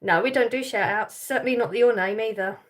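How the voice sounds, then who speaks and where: A woman's voice: on the high side, a little fast. A woman hosting a live chat stream, reading comments aloud and teasing people, with a lot of laughter. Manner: chatty, teasing, laughs often.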